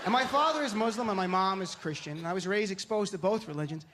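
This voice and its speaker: A man from New Jersey doing stand-up comedy, with an animated, punchy delivery. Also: high-pitched, fast talker. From Lodi, New Jersey. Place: comedy stage. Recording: live venue with audience noise.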